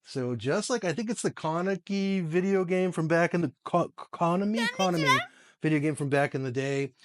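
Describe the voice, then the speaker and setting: A man hosting a casual tech video, chatty and quick to laugh, giving voice commands to smart speakers at home. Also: on the high side, animated, a bit bright. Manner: chatty, laughs often, restarts phrases.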